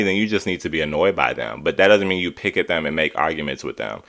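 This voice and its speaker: A man's voice: sits low, a bit bright. A man giving a sassy, emphatic, exasperated commentary on a reality TV episode. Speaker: reality TV recap vlogger. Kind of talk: casual commentary.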